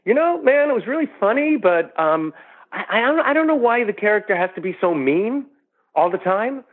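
Brief: man doing an impression of a laid-back comedian, lifted high, over a tinny phone line. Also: sing-song, moderate pace. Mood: amused. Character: famous male comedian, amused and laid-back.

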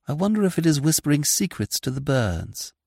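A man's voice: a little high, big pitch swings, fairly quick, vocal fry, a little mellow, no echo, clean studio sound, pitched above the performer's own voice, exaggerated voice. A man voicing a sentimental middle-aged woman poet who fusses effusively over her companion. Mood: gushing. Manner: effusive, fussy, falsely solicitous.

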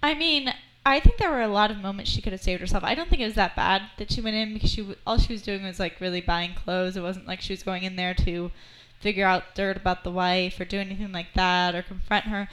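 A woman's voice: mid-range voice, quick pace, slight background noise, rough recording. A woman co-hosting a casual TV recap chat, telling it animatedly and quoting the characters. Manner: animated storyteller, quotes characters. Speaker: podcast co-host.

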